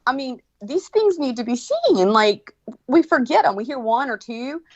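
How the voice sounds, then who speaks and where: A woman's voice: high-pitched, big pitch swings, moderate pace, no echo, muffled recording. A woman telling stories in casual chat, rambling with lots of restarts. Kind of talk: casual storytelling.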